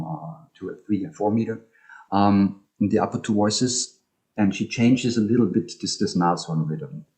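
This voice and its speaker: A man with a very low voice presents an academic talk over a video call. He speaks hesitantly, pausing on ums and restarting phrases as he explains. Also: a little mellow. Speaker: speaker presenting on music and poetry.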